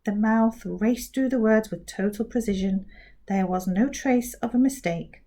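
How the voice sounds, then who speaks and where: A woman teacher reading a children's book aloud, slow and clear. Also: fairly high pitch, warm tone.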